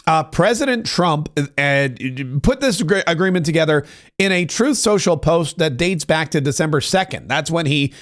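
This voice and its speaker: A man hosting a political commentary podcast, talking in a sarcastic, animated way and quoting others. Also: a little high, normal speed. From United States. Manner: sarcastic, animated, quotes others in put-on voices. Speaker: podcast host.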